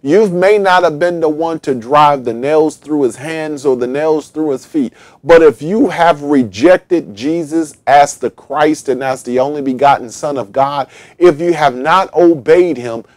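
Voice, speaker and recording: A man's voice: on the high side, a little mellow, no room sound. Emphatic male Bible teacher, dry sound. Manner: repetitive, emphatic preaching with fillers. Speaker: pastor. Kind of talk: Bible study sermon.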